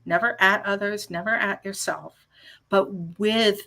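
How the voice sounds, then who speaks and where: Playful, lively woman in her fifties. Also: medium pitch, measured pace. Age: 50s. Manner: lively, playful, restarts often, acts out little scenes. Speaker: guest, life coach. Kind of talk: casual interview chat.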